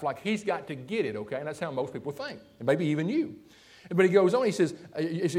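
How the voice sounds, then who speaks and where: A pastor preaching a sermon. His voice sits a little high and swings widely up and down as he presses his points. He keeps drawing the congregation in with quick asides. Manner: lively preaching with frequent "see?" and "okay?" asides.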